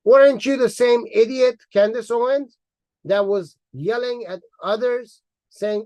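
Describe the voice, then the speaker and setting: A man's voice: very high-pitched, measured pace, darkish tone, no room sound. A man delivering a heated, mocking monologue as an online commentator, repeating words for emphasis. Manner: angry, mocking, insulting.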